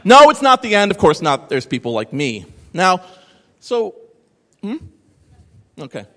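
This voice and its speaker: Male conference speaker, sardonic and rambling, lively pitch, long hall reverb. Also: a little slow. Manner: animated, sarcastic, rambling with asides. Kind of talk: live talk to an audience. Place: large hall with audience.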